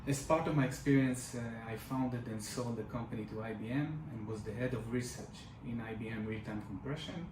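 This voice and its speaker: A man's voice: mid-range voice, a little fast, few pauses. A man, a company technology chief, formally introducing himself at a conference. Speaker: company CTO presenting. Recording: echoey, distant, noisy.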